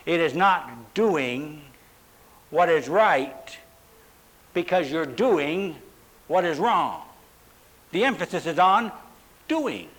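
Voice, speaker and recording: A man preaching a sermon, stressing words with drawn-out pauses and dramatic emphasis. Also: sits high, fairly bright tone, poor audio. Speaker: pastor.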